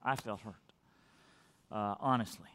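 A man preaching a sermon as pastor, swinging between loud, emphatic peaks and hushed, quiet lines. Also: fairly low pitch, steady tone, unhurried. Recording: long reverb of a large hall.

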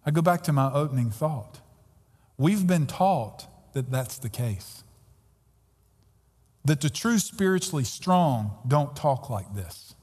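A man's voice: medium pitch, expressive, measured pace, darkish tone, slightly rough. A pastor preaching a sermon earnestly and emphatically, often repeating his words as he goes. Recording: long hall reverb.

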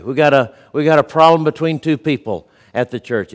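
A man preaching a sermon as a pastor, earnest and storytelling, often dropping to a quiet, low voice. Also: brisk, few pauses.

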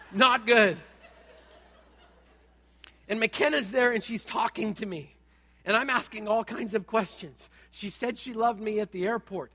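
A middle-aged man preaching a sermon, telling a personal story with animated, humorous asides. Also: high voice, in a large hall.

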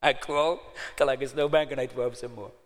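A middle-aged man telling a personal testimony in a sermon, laughing at himself and then going hushed and prayerful. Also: medium pitch, fairly even intonation, fairly quick. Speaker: speaker sharing a testimony. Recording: long hall reverb.

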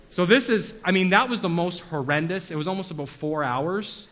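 A man's voice: high voice, brisk, few pauses, sharp tone. A man preaching a sermon, telling stories casually with lots of fillers and self-deprecating humor. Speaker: pastor. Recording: long hall reverb.

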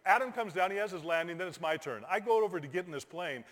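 A middle-aged man, a pastor, telling a lively personal story in a sermon, bursting into shouted exclamations. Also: sits high, fast talker. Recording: long hall reverb.

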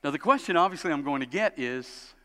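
Pastor guy preaching, animated storyteller, bright sharp voice, church hall echo. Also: brisk. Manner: animated, acts out quoted parents in high voices. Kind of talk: sermon. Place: church sanctuary. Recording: long hall reverb.

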